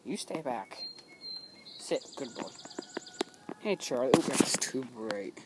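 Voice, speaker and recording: Low-voiced woman cooing at her pets. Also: expressive, slow. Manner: cooing, playful talk to pets, frequent giggles. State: sleepy, just woke up. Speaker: pet owner filming her cats. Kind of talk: casual home video chat. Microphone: handheld phone camera. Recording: phone video with clear background noise.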